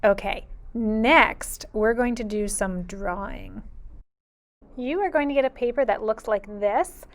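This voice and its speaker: A woman teaching a Spanish lesson to preschool children in a sing-song, patient teacher voice, drawing out her phrases. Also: on the high side. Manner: slow, clear and patient. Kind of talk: video lesson for young children.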